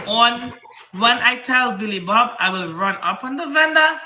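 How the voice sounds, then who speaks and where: A man's voice: extremely high pitch, animated, moderate pace, sharp tone, roomy sound, slight background noise. A man with a Trinidadian accent, a comic book seller giving a rambling, heated, repetitive defense of himself on his livestream.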